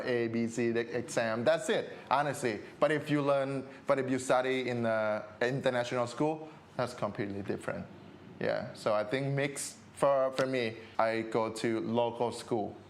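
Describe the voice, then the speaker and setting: A Thai man with a Thai accent and a medium-pitched voice is a podcast guest in a casual interview. He tells stories in an animated way, acting out quotes and laughing often, with slight background noise.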